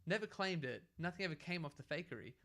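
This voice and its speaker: A young man, co-hosting a casual podcast chat and arguing his theory in an animated way. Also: a little high, fast. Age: young adult. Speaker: podcast co-host.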